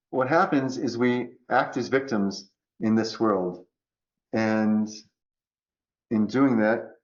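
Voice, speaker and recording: A man talking as a podcast guest about choice and resilience, acting out quoted voices in an animated way. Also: medium pitch, muffled recording. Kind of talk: conversational coaching talk.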